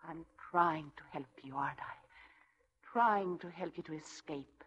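A woman's voice: low voice, unhurried, a bit bright. An actress playing a wife turning coldly on her captive husband, in 1940s radio acting. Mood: feverish. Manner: bitter, mocking, feverish.

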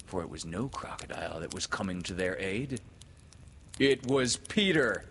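A man reading a classic children's story aloud in a slow, hushed, dramatic manner, then thanking listeners. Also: deep voice, animated, gravelly, slight background noise.

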